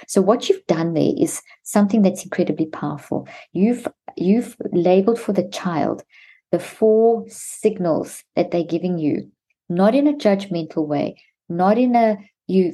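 Woman, expert guest; husky, mellow voice, explanatory, lots of restarts. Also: on the low side. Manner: many restarts and repeated words, explanatory. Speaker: guest expert on mental health. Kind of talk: explanatory advice to parents.

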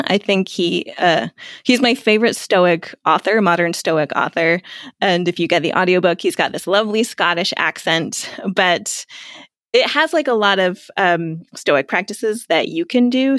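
A woman's voice: lowish voice, no room sound, studio quality. A woman speaking as a guest in a casual interview, chatty, with many fillers and frequent laughs. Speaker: guest, clarity coach.

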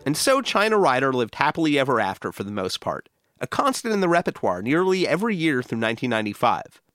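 A man hosting a music history podcast, reading scripted documentary narration in a measured, informative way. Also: mid-range voice, very animated, fairly bright tone.

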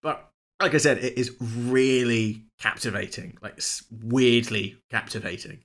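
A man co-hosting a film podcast, chatty and quick to laugh as he explains things at length. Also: mid-range voice, a bit bright. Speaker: podcast host. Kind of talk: casual film chat.

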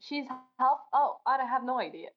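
Brief: twenties woman host, high-ish voice, giggly and teasing, dull muffled recording. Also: expressive, moderate pace, soft background music. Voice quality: giggly, playfully asks for repeats. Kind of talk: casual chat. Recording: dull lo-fi sound.

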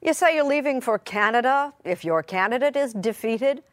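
A woman news anchor introducing segments crisply, with light amusement. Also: on the high side, animated, moderate pace, dry recording, soft background music. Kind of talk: news presenting.

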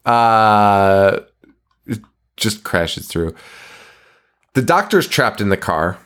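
Animated, laughing man recapping a movie. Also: on the low side, very slow, clean tone. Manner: animated, swearing, laughing while retelling scenes. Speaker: podcast co-host. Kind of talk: casual movie recap chat.

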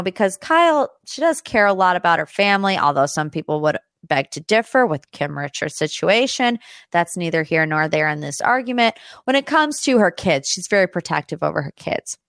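A woman's voice: fairly low pitch, fairly bright tone, no echo. Young woman gabbing about celeb gossip, says like a lot, dry close mic. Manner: chatty, lots of "like" and "you guys". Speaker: podcast host. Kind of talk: casual celebrity gossip chat.

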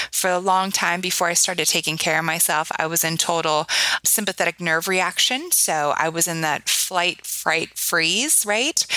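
A woman in her thirties tells personal stories with earnest feeling and a bright, forceful edge to her voice. She often tacks on "right?" for emphasis and acts out little quoted exchanges. The sound is dry and close, with hardly any room around it. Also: lowish voice, no echo, poor audio. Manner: earnest, emotional storytelling with lively quoted voices. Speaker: podcast guest. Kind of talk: heartfelt interview talk.

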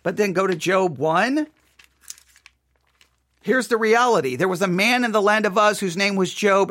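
A man preaches a sermon emphatically and repetitively, firing off rhetorical questions and occasionally slipping into quiet asides. His voice sits high, and the studio-quality recording has no echo.

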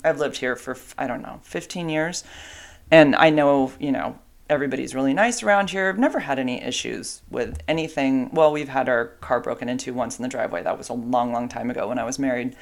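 This middle-aged woman speaks low and rumbling at a brisk pace, casually wandering through a long story about her own life. Her talk is full of fillers, side comments, and remarks aimed at her dogs.

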